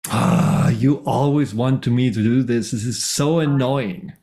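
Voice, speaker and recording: A man's voice: mid-range voice, measured pace, mellow, pitched below the performer's own voice, natural voice. A man voicing a sulky teenage boy who whines and protests against his parent's phone rule. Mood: grudging. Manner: whiny, protesting.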